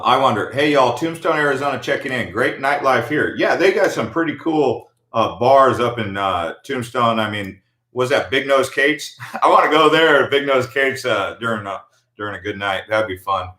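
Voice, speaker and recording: A man's voice: mid-range voice, pushed and bright. Laid-back American man in an echoey room. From United States. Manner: laid-back and slangy, many fillers. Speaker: livestream host answering viewer comments. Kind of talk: casual livestream chat.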